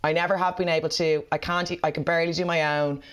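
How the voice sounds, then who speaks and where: A woman's voice: low-pitched, little pitch movement, fast talker, clean tone. A woman with a South County Dublin accent, chatting casually and swearing as a podcast co-host. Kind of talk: casual chat.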